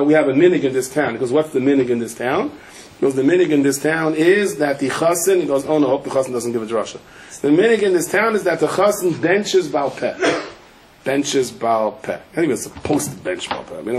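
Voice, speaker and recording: Animated Yeshivish rabbi telling a story. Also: male voice, medium pitch, a little hiss or hum. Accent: Yeshivish English with Yiddish and Hebrew words. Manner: animated storyteller, acts out quotes in raised voices. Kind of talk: Torah lecture with storytelling.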